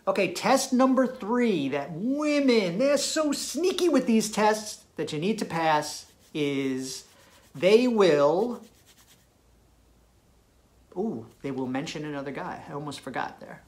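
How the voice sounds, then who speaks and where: A man's voice: sits high, very animated, slow pace. A man giving dating advice straight to camera, talking in an emphatic, punchy way and checking in with "right?". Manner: emphatic, punchy, tag questions. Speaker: dating coach. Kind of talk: direct-to-camera advice video.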